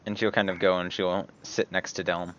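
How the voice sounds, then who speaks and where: A man's voice: sits low, level tone, normal speed, a bit bright, a little hiss or hum. A man narrating as game master for a tabletop game among friends, laughing often and restarting his sentences. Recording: dull lo-fi recording.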